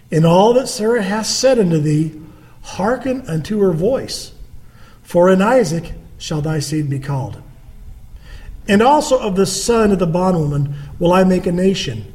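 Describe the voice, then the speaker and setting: A man's voice: fairly high pitch, darkish tone. A man preaching a sermon in a conversational way, reading scripture and acting out the people in the story. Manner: conversational preaching, acts out quoted dialogue. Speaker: pastor.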